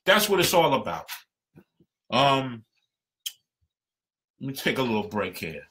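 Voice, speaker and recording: Passionate fired-up union rep, bright voice. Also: male voice, medium pitch, very animated, a little slow. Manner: passionate, emphatic, colloquial. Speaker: union representative. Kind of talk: live-stream talk to members.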